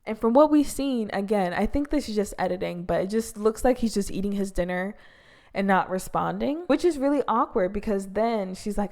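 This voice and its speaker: A woman's voice: mid-range voice, normal speed, a little mellow. A young woman casually recapping a reality show episode, talking in a loose, exasperated way and leaning heavily on "like". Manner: exasperated, heavy use of "like".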